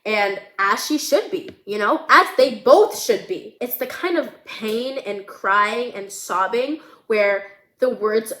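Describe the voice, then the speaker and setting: A woman's voice: a little high, takes it slowly. A woman vlogger talking casually and emotionally about her screenplay, with lots of "like" fillers. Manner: emotional, animated, many fillers like "like". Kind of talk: casual chat. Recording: roomy echo.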